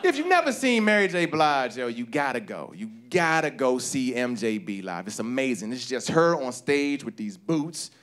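A man doing a stand-up comedy routine on stage, talking in an animated way and jumping into high-pitched voices to act out people. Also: normal speed, hardly any pauses. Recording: live show with audience laughter. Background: audience laughter.

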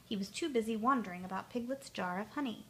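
A woman storyteller reading a children's storybook aloud, clear and expressive. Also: medium pitch, quick pace.

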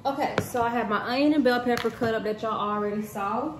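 Talking directly to camera as she cooks at home, this woman in her thirties keeps things chatty and casual for her viewers. Her voice is on the high side and a little fast, with an echoey kitchen and faint room noise around her.

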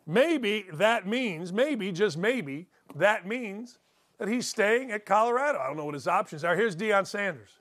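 A middle-aged male host with a fairly high voice delivers a blunt sports commentary monologue. He is opinionated and rambles into old stories. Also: animated, measured pace, fairly bright tone. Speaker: sports talk show host.

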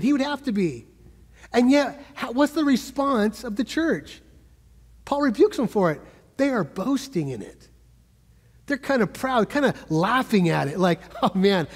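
A man's voice: very high voice, a little mellow, long reverb tail. A man giving a sermon as a guest preacher, talking to the congregation in a conversational way and asking them questions. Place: church sanctuary.

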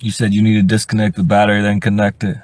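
A young man ranting on a livestream, profane and rambling, stuttering and repeating himself, sometimes breaking into high-pitched shouts. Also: little pitch movement, fast talker, no room sound. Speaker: livestream host. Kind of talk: casual livestream rant.

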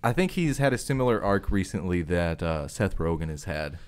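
Low-voiced man, lively and emphatic. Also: normal speed, clean tone. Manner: emphatic, profane, enthusiastic. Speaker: podcast co-host. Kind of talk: casual chat.

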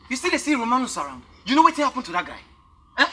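A man's voice: very high voice, huge pitch swings, very fast, a bit bright, husky, heavily acted. An actor playing a blunt, streetwise man who speaks Nigerian Pidgin and talks down to his friend. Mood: scolding. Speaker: Lemon, a partner in crime. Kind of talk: Nollywood film acting.

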